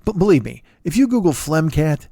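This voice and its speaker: A man's voice: on the high side, very animated, brisk, vocal fry, warm tone, slightly rough, no echo, studio quality. Sleepy, profane man rambling through plugs. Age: 40s. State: tired and yawning. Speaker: podcast host. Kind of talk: solo comedy podcast plug segment.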